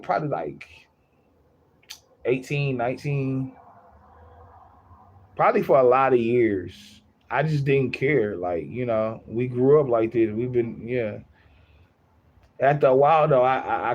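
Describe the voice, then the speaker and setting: A man's voice: mid-range voice, darkish tone, highs cut off. A young man chatting casually on his livestream, rambling, repeating himself and laughing often.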